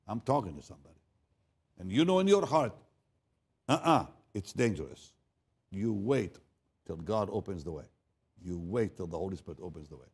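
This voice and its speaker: This older pastor's voice sits low and has a sing-song, breathy quality as he tells a sermon story at normal speed, pausing often. He swings from whispered-sounding asides to loud emphasis and repeats words frequently.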